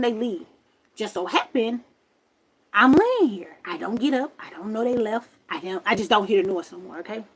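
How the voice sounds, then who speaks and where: A woman hosting a livestream, telling a story to her viewers in a loud, profane, exasperated rant from her camper. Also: fairly high pitch, rough recording. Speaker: livestream host.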